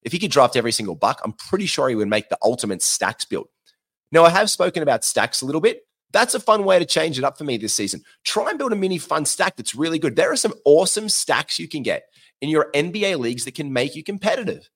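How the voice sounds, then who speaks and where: Australian man, young adult, podcast host, animated pitch, chatty coaching tone. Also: fast talker. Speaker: fantasy basketball podcast host. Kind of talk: casual advice talk.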